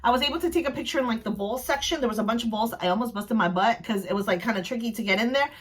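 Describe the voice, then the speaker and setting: A woman from New Jersey telling a casual storytime recap on her vlog, gushing and excitable, rambling with restarts. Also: on the high side, rapid-fire, slightly rough. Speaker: vlogger.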